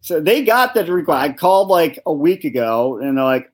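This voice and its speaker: A man's voice: fairly high pitch, very animated, moderate pace, hardly any pauses, breathy edge. A man on a podcast telling a long, rambling story with frequent swearing and disbelief. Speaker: podcast co-host. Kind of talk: casual chat.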